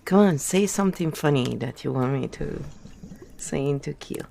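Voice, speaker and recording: A woman's voice: deep voice, expressive, normal speed, gravelly, dark tone, slight background noise. A woman streaming and chatting casually, joking and laughing often. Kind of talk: casual chat.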